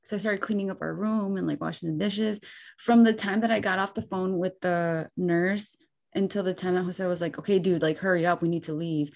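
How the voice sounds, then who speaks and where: Young woman podcast host, chatty, says like a lot, kinda gravelly voice. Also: fairly low pitch, brisk. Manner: chatty and animated, heavy use of "like". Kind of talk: casual chat, storytelling.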